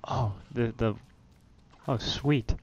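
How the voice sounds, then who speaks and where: A man hosting a let's play, chatting casually while gaming and breaking into loud startled exclamations. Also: mid-range voice, slow, dull audio.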